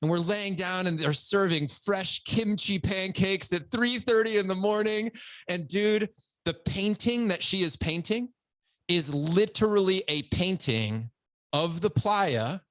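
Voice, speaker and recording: A man's voice: high-pitched, unhurried, fairly bright tone, no echo. A middle-aged man hosting a podcast, telling stories with enthusiasm in a casual chat. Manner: enthusiastic storytelling, says "dude" a lot. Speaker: podcast host.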